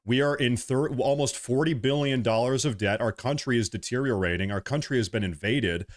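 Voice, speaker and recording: Young male streamer, mid-pitch, heated and repetitive political rant, occasional swearing. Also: fairly quick. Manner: passionate ranting, repeats himself, swears. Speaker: political commentator livestreaming. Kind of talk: heated livestream monologue.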